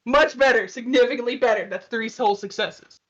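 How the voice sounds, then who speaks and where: A woman's voice: a little high, fairly quick, highs cut off. A woman playing in a tabletop game, chatty and reacting to her dice rolls. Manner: chatty, laughs at own rolls. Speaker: player. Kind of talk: casual game chat.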